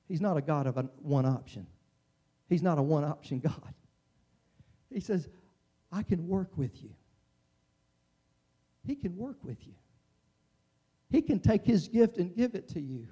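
A man preaching a sermon with impassioned delivery that swings between loud, fervent passages and hushed ones. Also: a little high.

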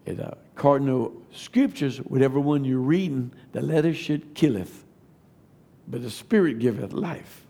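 A man, giving a testimony sermon that builds to fervent shouting. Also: mid-range voice, measured pace, creaky. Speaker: preacher.

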